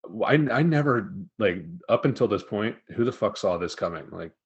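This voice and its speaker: Deep voiced guy swearing his way through an anime recap, podcast chat. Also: normal speed, breathy edge, muffled recording. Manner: profane, animated storytelling. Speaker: podcast co-host.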